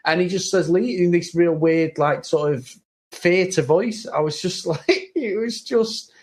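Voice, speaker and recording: A man's voice: a little high, unhurried. A man co-hosting a casual chat about an old film, talking freely with many restarts and frequent laughs. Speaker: podcast co-host.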